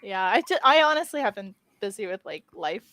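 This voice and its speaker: A woman's voice: medium pitch, sing-song, brisk, fairly bright tone, no room sound. A woman chatting casually on an art podcast, giggly and offhand, with the odd swear word. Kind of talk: casual chat.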